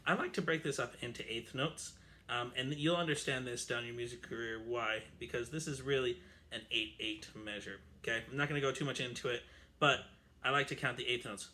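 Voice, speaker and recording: A man's voice: mid-range voice, brisk, very noisy. A man teaching a string orchestra lesson on camera from home, counting and singing rhythms aloud and chatting with fillers. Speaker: music teacher. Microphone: camera mic.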